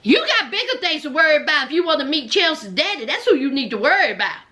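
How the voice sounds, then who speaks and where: Sassy woman w/ aave, real high bright voice, dishing on a reality show, swoops up and down a lot. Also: fast talker. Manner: sassy, animated, addresses people on the show directly. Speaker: reality show recap commentator. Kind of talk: casual commentary recap.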